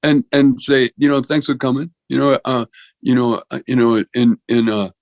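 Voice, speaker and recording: A man's voice: mid-range voice, fairly even intonation, moderate pace, darkish tone, dry recording, highs cut off. A man in his sixties, a veterinarian and comedian, telling rambling stories as a podcast guest, with lots of restarts and "you know". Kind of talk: rambling conversational storytelling.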